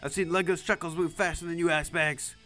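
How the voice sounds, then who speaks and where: A man's voice: on the high side, steady tone, brisk, sharp tone. A man voicing a foul-mouthed adult male drill-sergeant teacher who barks insults and orders in a visual novel. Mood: gruff. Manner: barking orders, insulting, commanding.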